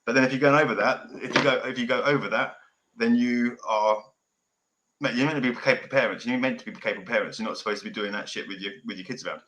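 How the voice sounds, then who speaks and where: A man's voice: medium pitch, quick pace, fairly bright tone, a little hiss or hum, low-quality recording. A man hosting a casual podcast chat, forthright and sweary, often calling people mate. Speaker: family law consultant and podcast host.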